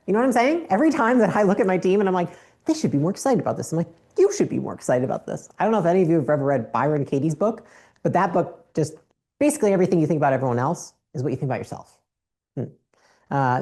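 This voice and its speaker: A woman with a mellow, fairly low voice gives a blunt, profane motivational business talk on stage, holding a handheld mic as a business speaker.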